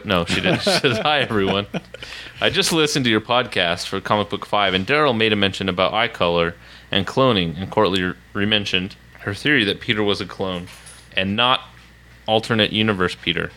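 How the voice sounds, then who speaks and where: A man's voice: lowish voice, brisk, bright, forceful tone, rough recording. A man from Oklahoma co-hosting a casual podcast, reading listener emails with playful, teasing asides. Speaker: podcast co-host.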